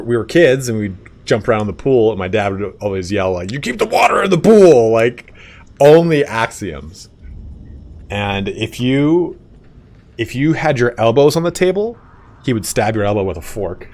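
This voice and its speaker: Lively, rambling man streamer. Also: fairly low pitch. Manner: rambling and stop-start, swears casually. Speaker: game streamer. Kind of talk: casual chat while gaming.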